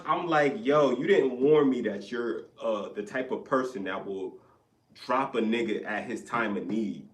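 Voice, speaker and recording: A young man telling a story in a casual podcast chat, animated and profane, acting out both sides of an argument. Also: mid-range voice, a little slow, far from the mic. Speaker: podcast co-host. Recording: echoey room, off-mic.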